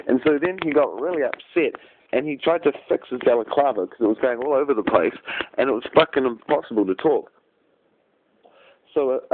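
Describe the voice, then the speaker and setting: A man's voice: medium pitch, expressive, fairly quick. A man rambling through a crude, improvised nonsense story, giggling at his own jokes. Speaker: vlogger telling an improvised rant. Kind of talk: improvised absurd storytelling rant. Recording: tinny phone-like audio.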